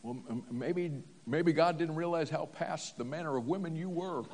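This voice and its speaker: A man's voice: fairly high pitch, moderate pace, very noisy, close to an everyday voice. A man voicing an old husband who answers hesitantly and sheepishly.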